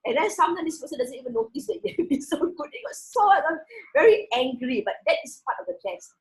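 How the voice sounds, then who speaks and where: Her voice sits high, and the audio quality is poor. She's teaching a Quran passage, pronouncing the Arabic slowly with stress, then giving a relaxed explanation full of restarts.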